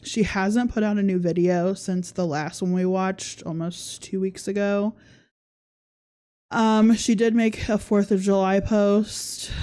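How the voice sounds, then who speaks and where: A woman hosts a casual livestream, with sarcastic commentary broken up by frequent laughter. Her voice is mellow and warm, sitting at an ordinary middle pitch. She reads viewer comments aloud in an easygoing way. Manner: sarcastic, laughs often while talking. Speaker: podcast host.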